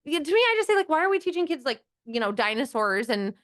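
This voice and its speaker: Fast-talking animated woman guest. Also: sits high, no room sound, studio quality. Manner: animated, quick, lots of fillers and acted-out quotes. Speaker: guest, financial literacy educator. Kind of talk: casual interview chat.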